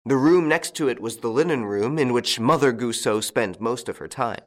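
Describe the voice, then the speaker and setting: A man narrating a classic story with a steady, measured reading. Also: medium pitch. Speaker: audiobook narrator. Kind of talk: scripted narration.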